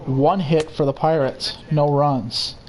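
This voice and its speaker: A young man calling a baseball game play by play, steady and unhurried, with casual asides. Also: fairly high pitch. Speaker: play-by-play commentator. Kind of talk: simulated baseball commentary.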